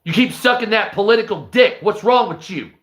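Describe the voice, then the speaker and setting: A man's voice: sits high, animated, brisk, a bit bright. A man doing a crude bragging street thug. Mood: menacing swagger. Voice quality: crude, menacing, trash-talking. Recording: roomy echo.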